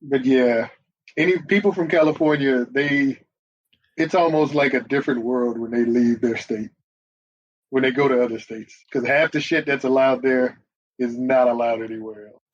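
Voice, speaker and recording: Husky-voiced joking man co-host. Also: mid-range voice, fairly even intonation, normal speed. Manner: playful, joking, asks questions. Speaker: podcast co-host. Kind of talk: casual chat. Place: studio. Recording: slightly dull, muffled sound.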